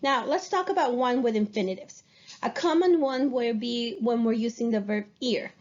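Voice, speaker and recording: A woman's voice: a little high, normal speed, darkish tone, dull audio. A woman teaching Spanish grammar to a class, explaining patiently and checking in with her students.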